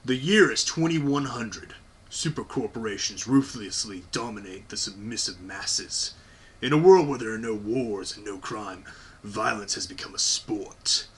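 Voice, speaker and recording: A man putting on the voice of a dramatic movie-trailer announcer, slow and grave. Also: on the low side, pitched below the performer's own voice, close to an everyday voice. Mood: ominous. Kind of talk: mock trailer narration.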